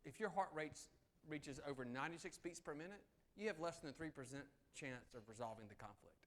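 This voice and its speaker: A middle-aged man giving a live negotiation seminar, swinging between loud emphasis and soft, low asides. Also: fairly quick. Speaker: negotiation speaker. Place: meeting room with audience.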